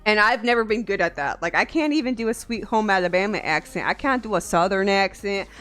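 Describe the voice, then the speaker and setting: A woman from Tennessee chatting casually with her stream viewers, soft-voiced, swearing freely and laughing often. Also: mid-range voice, a little fast, soft background music.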